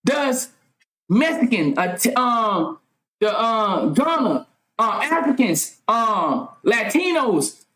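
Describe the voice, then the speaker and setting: A woman vlogger delivering a fervent monologue full of rhetorical questions, at times yelling and swearing freely. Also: fairly high pitch, very animated, takes it slowly. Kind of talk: impassioned monologue. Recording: roomy echo.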